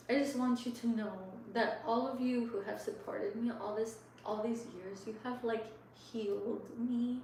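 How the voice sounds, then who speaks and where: A woman in her thirties closing out a livestream from her home kitchen, talking softly and heartfelt, rambling with many fillers. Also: on the high side, far from the mic, slight background noise. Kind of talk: casual livestream sign-off chat. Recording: echoey room, voice from off the mic.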